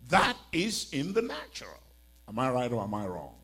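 Male preacher, church sermon, lively rising and falling voice, somewhat high pitch, slow pleading delivery. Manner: pleading, slow and emphatic, with rhetorical questions. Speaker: bishop preaching to a congregation.

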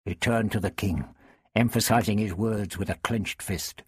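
A man reading a historical novel aloud in an expressive storytelling manner. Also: on the low side, normal speed, breathy edge, dry recording, studio quality. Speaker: narrator.

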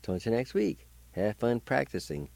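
A man giving a patient pronunciation lesson, spelling out letters and repeating each syllable slowly. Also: fairly low pitch, sing-song, gravelly, darkish tone. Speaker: language teacher and radio host. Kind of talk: slow word-by-word pronunciation lesson.

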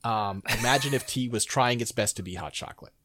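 A man's voice: medium pitch, fairly quick. A man co-hosting a podcast, telling rambling stories in a casual chat with lots of fillers. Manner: rambling, animated storytelling with many fillers. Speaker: podcast co-host.

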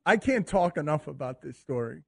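A man hosting a sports radio show, excitable and mocking, often laughing as he talks. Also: on the high side, moderate pace, creaky, slightly rough.

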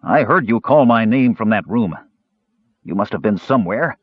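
A man voicing a big, burly male warrior who speaks in a low, curt, gruff way in a dull, dry audiobook recording. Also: lively intonation, moderate pace, no room sound.

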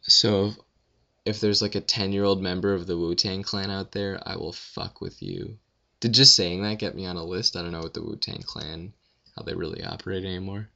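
A young man rambling through listener questions in a casual audio Q&A, with deadpan self-deprecating jokes. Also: sits low, normal speed, gravelly, dull audio. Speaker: vlogger answering questions.

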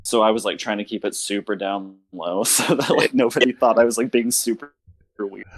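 A man with a lowish voice tells lively anecdotes in a casual chat, often breaking into laughter. His delivery is loose and animated. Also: a little fast. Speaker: player.

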